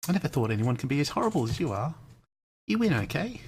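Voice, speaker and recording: A heartbroken, obsessive teenage club president from a visual novel, as a man puts her on, speaking in a British accent that climbs well above his usual voice. She pleads in halting, tearful bursts. Her pitch swings widely from line to line. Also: sing-song, breathy edge, exaggerated voice. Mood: despairing. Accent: put-on British. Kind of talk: live dramatic reading of a visual novel.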